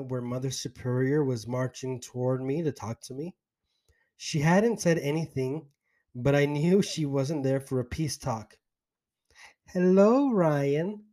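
A man's voice: medium pitch, warm tone. A man hosting a podcast, earnestly recounting his own story in the first person. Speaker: podcast host.

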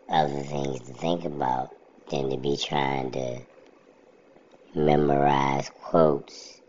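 A man's voice: rumbling low, vocal fry, a little mellow, breathy edge, lo-fi sound. A man in casual chat, ranting bluntly about things that annoy him.

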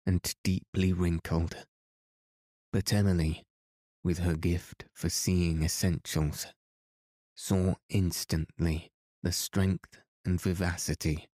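A man narrating a classic novel as a calm sleep story podcast reading. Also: low voice, no echo, clean studio sound. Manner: slow, calm and even. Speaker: podcast host and reader.

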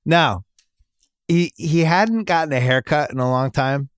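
A man's voice: fairly high pitch, a little slow, clear, resonant tone, no room sound, studio quality. Man telling a rambling family story. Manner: rambling, laughing at his own story. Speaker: podcast host. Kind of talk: casual storytelling chat.

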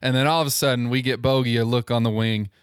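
A man recapping basketball games on a casual podcast in quick bursts, with filler ums. His voice has an average male pitch. The sound is dry and close-miked. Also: steady tone, smooth, no echo. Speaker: podcast co-host. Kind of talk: casual sports chat.

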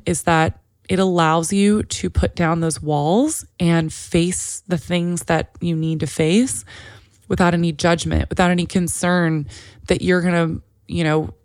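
A woman's voice: lowish voice, darkish tone, no room sound, clean studio sound. A woman in her thirties hosting a podcast, telling a personal story in a chatty, emotionally open way, full of "like" fillers. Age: 30s. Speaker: podcast host.

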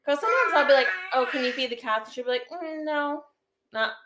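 A woman's voice: high voice, rapid-fire, very noisy. A woman co-hosting a casual podcast chat, talking freely and reading listener posts aloud. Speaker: co-host, stepmom.

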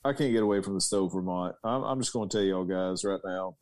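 A man's voice: low-pitched, fast talker, darkish tone, no room sound. A man co-hosting a podcast, emphatic and insistent, repeating his points. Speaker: podcast co-host. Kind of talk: casual chat.

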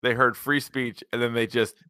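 A man's voice: mid-range voice, flat delivery, moderate pace, bright, forceful tone, dry recording, clean studio sound. A man co-hosting a podcast, chatting loosely with a profane, rambling manner. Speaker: podcast co-host. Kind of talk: casual chat.

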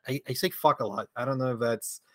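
A man's voice: medium pitch, quick pace, no echo. Venezuelan guy on a podcast, laughs a lot, drops f-bombs, dry close sound. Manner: relaxed, hesitant, laughs often, swears freely. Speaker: guest, comic creator. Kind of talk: casual interview chat.

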